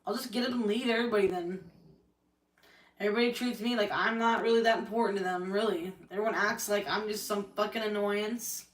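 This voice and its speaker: A woman's voice: medium pitch, steady tone, a little fast, recorded from a distance. A woman venting angrily and tearfully on a livestream, swearing often as she speaks about her family and her hurt. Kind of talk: emotional livestream rant. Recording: echoey room, voice from the mic.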